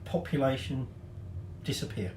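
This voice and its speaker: A man's voice: medium pitch, moderate pace, reverberant, background noise. A man hosting a cooking tutorial, chatty, with joking, self-mocking asides. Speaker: cooking show host.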